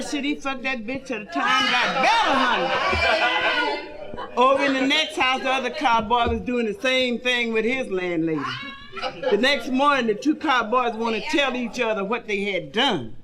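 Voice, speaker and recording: A loud crowd and heavy background noise surround a woman doing raunchy stand-up on a 1970s comedy record. Her slightly high, expressive voice drawls through the stories at a moderate pace, then squeals as she acts out each character.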